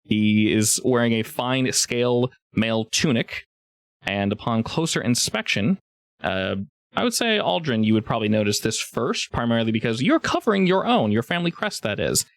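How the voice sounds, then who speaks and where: A man narrating a tabletop game as game master, relaxed and halting, with many fillers. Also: medium pitch, vocal fry, no room sound.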